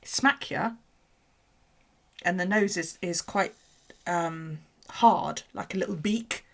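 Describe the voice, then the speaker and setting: Gravelly, chatty woman. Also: lowish voice, slow pace. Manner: chatty, swears freely, coos at her pets. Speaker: livestreamer. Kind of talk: casual livestream chat. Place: home.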